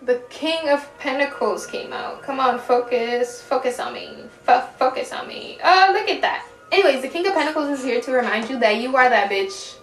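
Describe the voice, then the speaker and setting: A young woman with a fairly high voice gives a casual tarot reading, chatty and giggly, swearing lightly and stretching words for emphasis. She sits a little back from the mic in an echoey room at home. Faint music plays behind her. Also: animated, moderate pace, recorded from a distance. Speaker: tarot reader.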